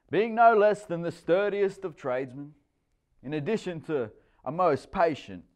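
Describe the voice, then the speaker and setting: A man reads a story aloud in a wry, expressive way. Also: mid-range voice. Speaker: narrator. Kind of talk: storytelling reading.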